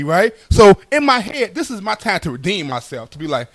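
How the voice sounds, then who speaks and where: A man's voice: sits high, big pitch swings, brisk, hardly any pauses, a bit bright, no echo. A young man telling stand-up stories in a loose, conversational way, tagging lines with "right?". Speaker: stand-up comedian. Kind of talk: stand-up storytelling.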